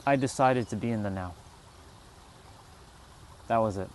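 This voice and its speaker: A man's voice: lowish voice, unhurried, a little hiss or hum. A man hosting a livestream outdoors, talking casually and with swearing about the mind and inner resistance, and reading the chat as he goes. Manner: casual, profane, storytelling. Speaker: livestream host. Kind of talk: spiritual talk to a live chat. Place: outdoors, sitting on a rock.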